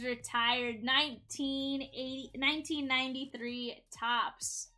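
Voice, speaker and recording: High bright-voiced woman running a live card break, unhurried, hypes every pull, faint music underneath. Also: flat delivery. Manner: hypes card pulls, shouts out chat viewers. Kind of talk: live-stream sales patter.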